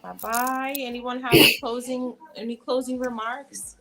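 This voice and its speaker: A woman's voice: on the high side, level tone, normal speed, pushed and bright, low-quality recording. A woman hosting an online reading session over a video call, encouraging readers, helping with pronunciation and teasing playfully. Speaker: reading program host.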